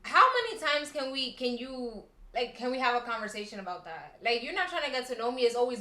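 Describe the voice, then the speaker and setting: Blunt young woman, bright and higher. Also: animated, quick pace, hardly any pauses, reverberant. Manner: blunt, sassy. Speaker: podcast host. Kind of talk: casual chat.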